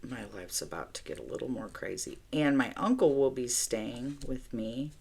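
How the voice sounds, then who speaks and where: A woman's voice: extremely low pitch, normal speed, creaky, slightly rough. A middle-aged woman chatting casually as she tells a story while decorating her planner at home. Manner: chatty, animated storyteller who talks to herself while decorating. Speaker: planner vlogger.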